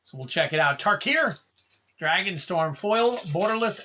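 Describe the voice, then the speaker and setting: Card-break host, casual and offhand, bright forward tone, rattles off card names in a list. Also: medium pitch, expressive, measured pace. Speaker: card-opening livestream host. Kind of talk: casual commentary while opening trading cards.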